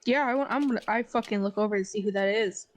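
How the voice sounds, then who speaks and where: A young woman playing a tabletop game, blunt and excitable in casual chat. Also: mid-range voice, fast talker. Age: young adult. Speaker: player.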